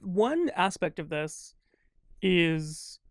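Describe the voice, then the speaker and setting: A guest crossword constructor talks in a casual interview, thoughtful and rambling, using many fillers as he works through ideas. His high-sitting voice is very animated but extremely slow, recorded at studio quality with no room sound.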